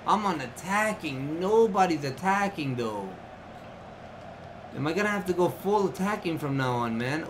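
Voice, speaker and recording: A man giving live commentary on his own video game play, excitable and often frustrated, tossing in "man" and "yo" a lot. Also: on the high side, background noise. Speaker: gaming YouTuber.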